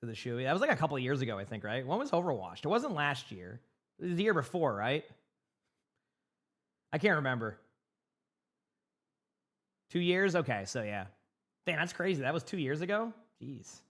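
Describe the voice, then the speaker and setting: His voice is a little high, sing-song and fairly bright, moving at a moderate pace with frequent pauses. This young Massachusetts streamer, who has a light Boston accent, reads his chat out loud and rambles casually, repeating words a lot.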